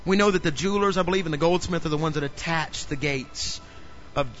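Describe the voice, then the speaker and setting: Male pastor, animated sermon, questions the congregation, bright voice, muffled recording. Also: a little high, fast talker, a little hiss or hum.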